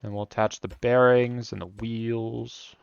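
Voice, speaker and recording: Young guy streaming, low gravelly voice, rambly jokey commentary, kinda muffled dry mic. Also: flat delivery, a little slow. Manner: rambling, jokey self-mocking asides. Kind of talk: casual gameplay commentary.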